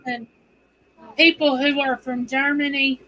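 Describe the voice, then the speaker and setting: Slow, high, bright-voiced woman. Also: level tone, lo-fi sound. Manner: laughing, drawn-out talk. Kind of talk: casual chat.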